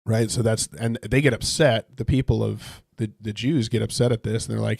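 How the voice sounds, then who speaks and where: Man, low gravelly voice, casual stream Bible study, dry close mic, conversational reader. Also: steady tone, normal speed, a little mellow, no echo. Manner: thoughtful, conversational, reads scripture aloud.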